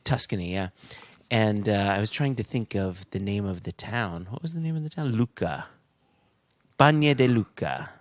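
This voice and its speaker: A middle-aged man co-hosting a podcast in casual chat, telling stories in an animated way and laughing at himself. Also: lowish voice, moderate pace, dry recording. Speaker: podcast co-host.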